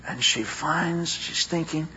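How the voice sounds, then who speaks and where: A man's voice: a little high, takes it slowly, pushed and bright, lo-fi sound, slight background noise. A male preacher delivering a sermon to a congregation, drawing out phrases for dramatic emphasis. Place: church service with a congregation.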